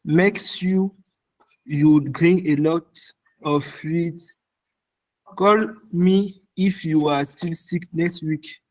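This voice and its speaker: A man playing a calm doctor in a scripted textbook listening dialogue, speaking slowly. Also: fairly high pitch, rough recording. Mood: advising. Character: calm male doctor giving advice.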